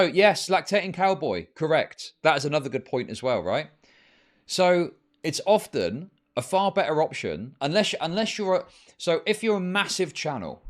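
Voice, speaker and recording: A man giving scornful, rambling commentary on a live stream. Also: on the high side.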